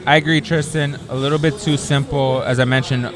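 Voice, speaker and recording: A man's voice: medium pitch, level tone, fairly quick. A man doing live commentary on a competition, playful, laughing often and calling results with announcer energy.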